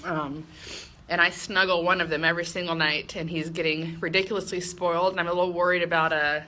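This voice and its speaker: Woman, 30s, bright voice, earnest and self-deprecating personal speech. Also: on the low side, level tone, a little fast, slight background noise. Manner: earnest, candid, self-deprecating with light laughs. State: emotional at moments. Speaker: speaker giving a personal talk.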